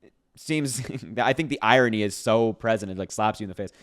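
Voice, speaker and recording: A man's voice: lowish voice, a little fast. Sarcastic man doing video commentary. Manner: sarcastic, incredulous, reacting to posts; laughs between points. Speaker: political commentator.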